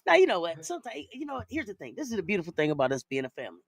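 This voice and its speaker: A man hosting a casual basketball talk show, hyping his audience with shout-outs and easy banter. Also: high-pitched, rapid-fire, crowd noise. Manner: animated, hype shout-outs to viewers. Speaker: show host.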